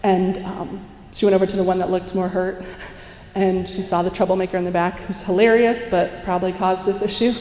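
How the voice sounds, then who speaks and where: A young woman speaks to a conference crowd, her voice mellow and soft-edged. She tells lively stories, acts out the quotes and laughs often. The sound rings through a large echoey hall. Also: lowish voice, fairly quick. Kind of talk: inspirational talk to a live audience. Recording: echoey hall, heard from a distance.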